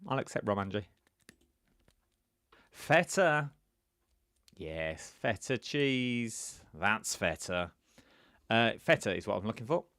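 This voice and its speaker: A man's voice: fairly low pitch, lively intonation, slow pace, long pauses, fairly bright tone, no room sound, clean studio sound. A man hosting a live-streamed quiz, reading out viewers' answers by name and joking about his own pronunciation in a playful, chatty way. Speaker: quiz host.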